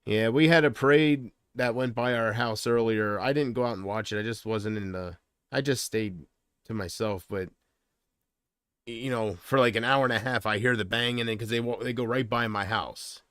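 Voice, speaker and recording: A man's voice: medium pitch, moderate pace, a bit bright, smooth, no room sound, studio quality. A man chatting casually on a livestream from home, rambling and hesitant, often trailing off.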